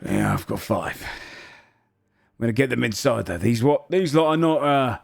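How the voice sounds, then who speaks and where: A man voicing a gruff male prison guard who barks orders at captives. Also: mid-range voice, expressive, unhurried, no room sound, clean studio sound, exaggerated voice. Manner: barking, bossy.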